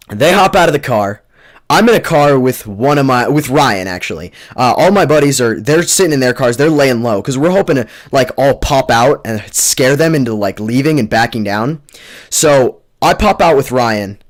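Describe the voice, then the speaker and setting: A young man telling a story in a casual, rambling way, full of fillers and restarts, and getting animated as it builds. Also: medium pitch. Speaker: storyteller vlogger.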